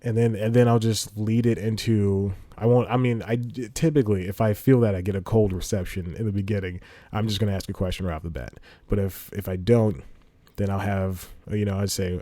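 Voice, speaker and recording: A man's voice: fairly low pitch, fairly even intonation, a little fast, mellow, no echo. A man hosting a podcast in a rambling, casual monologue, laughing between phrases, speaking into a studio microphone. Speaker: podcast host. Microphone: studio microphone with headphones.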